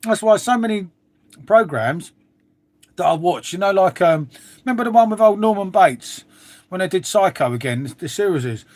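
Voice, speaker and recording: A man's voice: high voice, expressive, moderate pace, a little mellow. A middle-aged man chatting casually to viewers on a live stream, swearing freely and trailing off into asides. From England. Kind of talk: rambling casual chat to viewers.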